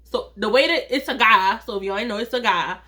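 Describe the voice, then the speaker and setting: A woman telling a personal story in a casual vlog, chatty and animated, acting out the dialogue and talking straight to her viewers. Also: on the high side, fairly quick. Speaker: vlogger, storyteller.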